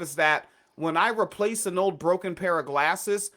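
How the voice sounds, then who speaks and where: A man's voice: high voice, lively intonation, unhurried, hardly any pauses, pushed and bright. Blunt, sarcastic man co-hosting. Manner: blunt, profane, sarcastic ranting. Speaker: co-host. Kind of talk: casual radio chat.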